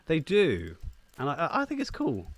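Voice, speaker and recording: A man's voice: fairly high pitch, huge pitch swings, moderate pace, no room sound. A man casually commenting on the game he is playing as a streamer, chatty and playfully joking at his own expense. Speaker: gaming streamer.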